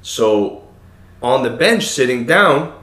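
A man in his thirties co-hosting a podcast, telling stories in a loose, animated way and swearing freely. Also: medium pitch, slow. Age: 30s. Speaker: podcast co-host. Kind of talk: casual chat, storytelling. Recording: echoey room.

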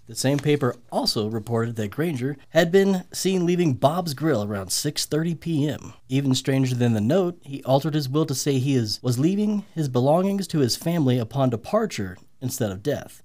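A man's voice: a little high, a little mellow. Joking man hosting a storytelling podcast. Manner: casual, jokey, swears freely. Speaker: podcast host.

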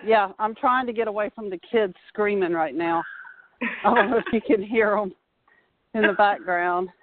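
A woman in her forties, a fire marshal, telling her story in an earnest, steady way while talking on her phone outdoors at a playground. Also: mid-range voice, moderate pace, noisy background. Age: 40s. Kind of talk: casual phone interview. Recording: dry, tinny phone line.

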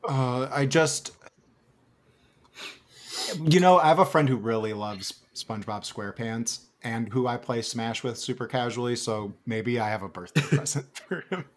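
Man, Wisconsin accent, casual podcast chat, animated, laughs a lot, mid-pitched voice. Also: moderate pace. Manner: animated, laughs often, lots of fillers. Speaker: podcast host.

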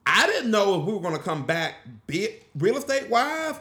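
A man's voice: high voice, moderate pace. A man hosting a casual interview podcast, a real estate agent telling stories animatedly and acting out what people said. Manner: animated storyteller who acts out quotes. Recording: echoey room.

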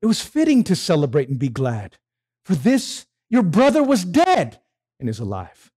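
A preacher putting on a gentle, joyful older father who coaxes his son with a high, climbing voice. The pitch swings widely as he pleads. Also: moderate pace, husky, full character voice. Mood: tender. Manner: coaxing, excited.

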